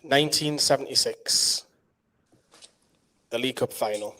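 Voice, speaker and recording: A man's voice: medium pitch, unhurried, bright, forceful tone, a little hiss or hum. A man with a Geordie accent hosting a casual live quiz, chatty and explaining the rules at length. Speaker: quiz host.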